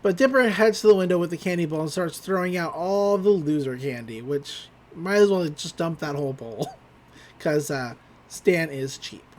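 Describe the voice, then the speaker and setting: A man's voice: on the high side, animated, moderate pace. A man hosting a podcast, casually recapping an episode and laughing often. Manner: laughs often, chatty with fillers. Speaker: podcast host.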